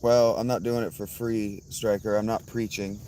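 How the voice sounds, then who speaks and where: A hoarse man hosting a casual livestream, answering chat bluntly and calling out viewers by name. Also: lowish voice, little pitch movement, moderate pace, mellow, slight background noise. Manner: blunt, swears, addresses chatters by name. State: hoarse, worn-out voice. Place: outdoors at night with insects.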